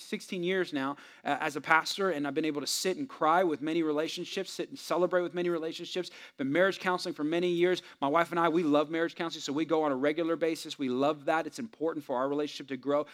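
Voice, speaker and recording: A man preaching a sermon as a pastor, telling stories in a conversational way with fillers and building emphasis through repetition. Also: a little high. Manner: conversational storytelling with frequent fillers.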